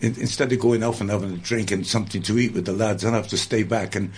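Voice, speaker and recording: A man's voice: on the low side, fairly even intonation, quick pace, husky. An older man, a guest entertainer and impressionist, reminiscing in a conversational interview with a rambling, anecdotal way of talking. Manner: rambling, anecdotal, with frequent restarts.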